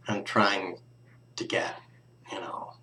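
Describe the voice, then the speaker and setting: Slow, low-voiced mumbling young man. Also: sharp tone. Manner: mumbling, trailing off into near-whispers, sighs and laughs. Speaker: vlogger. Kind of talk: casual rambling vlog.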